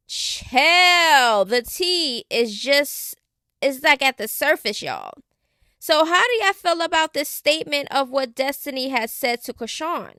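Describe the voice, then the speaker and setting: Sassy high-voiced woman dishing celebrity gossip. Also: takes it slowly, no echo, studio quality. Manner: sassy, animated, slangy, addresses viewers as y'all and child. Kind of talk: casual gossip commentary to viewers.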